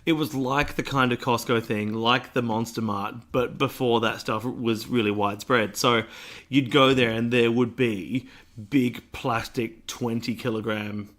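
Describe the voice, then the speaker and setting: A man's voice: medium pitch, steady tone, a little slow, a bit bright. A man co-hosting a podcast, riffing in a dry, wordy way in casual chat. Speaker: podcast co-host.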